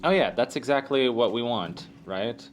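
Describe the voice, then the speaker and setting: A man giving rambling, halting gameplay commentary as a let's play host, joking at his own expense. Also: medium pitch, animated. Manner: rambling, halting, self-deprecating. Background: faint game music.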